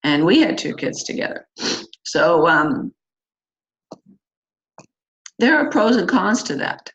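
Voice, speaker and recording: A woman's voice: lowish voice, very animated, takes it slowly. A middle-aged woman hosting a church singles class, talking casually and candidly with many fillers and asides. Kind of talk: casual talk to a church group. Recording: slightly dull lo-fi recording.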